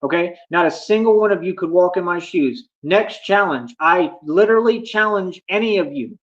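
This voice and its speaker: A man's voice: high-pitched, lively intonation, normal speed, dull audio. A man ranting defiantly at his chat during a phone livestream, boastful and combative.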